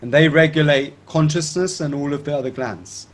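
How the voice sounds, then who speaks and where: A man teaching breathing techniques step by step, calmly checking in with his listener and chanting tones to demonstrate. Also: fairly high pitch, moderate pace. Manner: calm instructive, checks in with "okay?". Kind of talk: guided breathing instruction.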